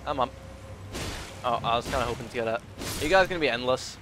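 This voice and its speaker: A man's voice: mid-range voice, fast talker, noisy background. Chatty man playing a game. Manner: chatty, talks to enemies, muttering asides. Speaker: gaming YouTuber. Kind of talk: let's play commentary.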